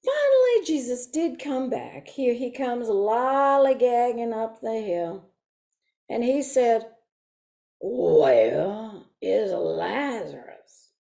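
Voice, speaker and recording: A woman's voice: a little high, creaky, dark tone, heavily acted. A woman voicing a prim, fussy older Sunday school teacher in a comic monologue, talking in a lilting, stagey way full of asides.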